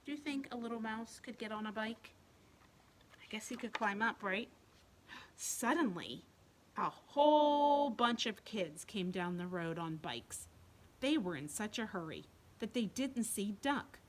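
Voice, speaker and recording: A woman reading a picture book aloud at a library storytime for young children, pausing to ask them questions. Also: mid-range voice, expressive, a little hiss or hum. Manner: gentle, asks children questions while reading. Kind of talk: bedtime storytime read-aloud. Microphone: home video recording.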